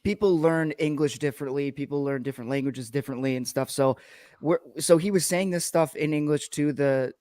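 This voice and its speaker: Man podcast host, casual, rambling, fairly high voice, dry sound. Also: steady tone, brisk, a little mellow, no room sound. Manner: rambling, searching for words.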